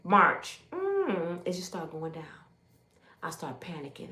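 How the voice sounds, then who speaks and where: A woman in her fifties telling her life story as a testimony, acting out the voices of others and swinging from loud exclamations to hushed asides. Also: lowish voice, slow pace, slight background noise. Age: 50s. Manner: animated, acts out others' voices in quotes. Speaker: YouTube storyteller. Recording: roomy echo.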